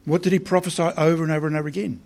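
A man's voice: on the high side, fairly even intonation, racing, gravelly, darkish tone. Man preaching a conversational sermon. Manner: conversational, asks the listeners questions.

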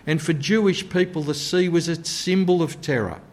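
A man preaching a sermon in an earnest way, sometimes dropping to a soft, low voice to stress a point. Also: normal speed.

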